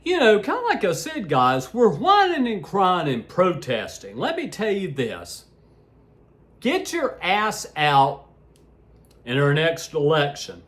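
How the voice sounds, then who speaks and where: Heated man ranting slowly with wild pitch swings. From United States. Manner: heated, swinging between shouts and low asides; crude and blunt, laughs at his own jabs. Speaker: political vlogger. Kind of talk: ranting opinion vlog.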